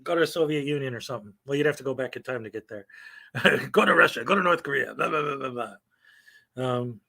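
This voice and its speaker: A man's voice: mid-range voice, quick pace, gravelly, bright, forceful tone. A middle-aged man giving rambling, opinionated live-stream commentary, full of fillers and short laughs. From United States.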